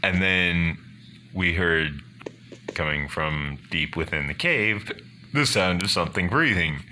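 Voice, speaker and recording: A man's voice: deep voice, animated, takes it slowly, bright, forceful tone. A man hosting a gaming channel who tells a story casually, rambling and hesitant with fillers. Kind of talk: casual storytelling over gameplay. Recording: home recording with background noise and clicks.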